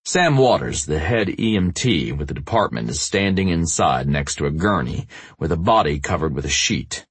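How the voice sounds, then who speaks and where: Deep, husky male audiobook narrator. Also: very animated, normal speed, no room sound. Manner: voices characters by raising his pitch. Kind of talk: first-person audiobook narration.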